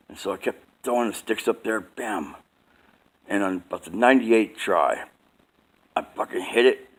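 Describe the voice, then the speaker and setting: Casting: adult man, lowish voice, casual home vlog, rambling and repetitive storyteller, fillers galore. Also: moderate pace, pauses often. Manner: rambling, repeats himself, says "man" often. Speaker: vlogger telling a story. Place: at home at bedtime.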